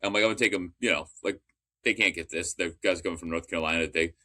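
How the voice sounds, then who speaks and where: A man with a low, bright-edged voice tells a story on a casual sports podcast. He rambles eagerly, restarts his sentences and drops the odd curse. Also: fast.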